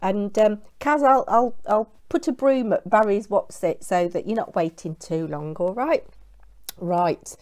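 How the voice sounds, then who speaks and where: A woman's voice: medium pitch, a little slow, darkish tone. A woman with a British accent, hosting a craft channel and chatting casually to camera at home. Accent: British English. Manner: chatty, bubbly, talking while eating.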